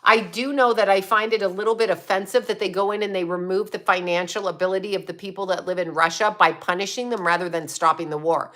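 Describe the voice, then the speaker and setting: A woman's voice: medium pitch, fairly even intonation, fast, few pauses, fairly bright tone. A woman hosting a casual livestream, answering viewers in a rambling, blunt and profane way. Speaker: psychic medium livestream host.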